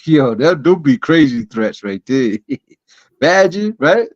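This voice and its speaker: A man casually telling a wild story as co-host of a chat show, acting out the people in it with sudden jumps in his voice. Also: takes it slowly. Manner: animated, acts out quoted voices with sudden pitch jumps. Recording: dull lo-fi audio.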